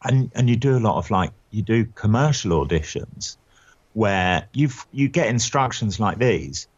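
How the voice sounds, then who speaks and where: A man's voice: on the low side, animated, a little slow, breathy edge, no room sound, dull audio. A male actor guest chatting casually, rambling and self-deprecating with plenty of fillers and laughs. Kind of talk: casual anecdotal chat.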